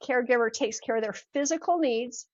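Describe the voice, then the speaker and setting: Older woman, storytelling guest, high voice, dry close sound. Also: a little fast, dry recording, muffled recording. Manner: animated, acts out voices in her stories. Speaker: podcast guest, mindset coach. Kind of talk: storytelling in an interview.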